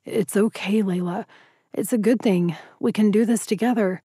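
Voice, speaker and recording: Woman narrator voicing the hero, a cranky bear-shifter rancher gone soft and nervous; keep it mellow and close-miked. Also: medium pitch, moderate pace, breathy edge, no room sound, close to an everyday voice. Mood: soothing. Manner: rambling nervously.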